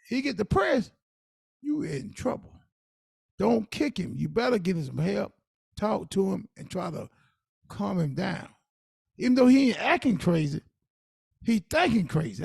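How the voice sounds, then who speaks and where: A middle-aged man is co-hosting a podcast, speaking with emphatic, animated energy. His voice is gravelly and rough, pitched high for a man, and it swings widely as he tells his stories. The recording is dry and close. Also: no echo. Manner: emphatic, animated storytelling with dialect speech. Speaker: podcast co-host. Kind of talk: casual conversational advice.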